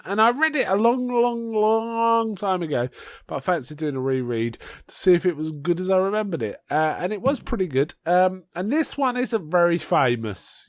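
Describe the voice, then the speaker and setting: A man with a slightly raised pitch, hosting a podcast in a relaxed, rambling way. He trails off, restarts and chuckles as he explains. His voice is close and dry, with almost no room sound. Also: dry recording. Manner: rambling, chatty, laughs while explaining. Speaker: podcast co-host. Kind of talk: casual chat.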